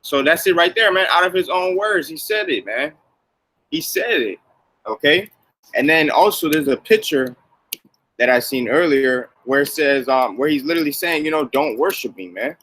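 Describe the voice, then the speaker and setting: A man's voice: on the high side, animated, normal speed, sharp tone, rough recording. A man giving casual religious commentary who keeps tagging his sentences with "man" and "okay".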